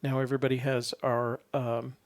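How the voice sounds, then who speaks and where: A man's voice: medium pitch, flat delivery, normal speed. A man hosting a call-in show, chatting easily with callers and rambling with lots of fillers. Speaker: host.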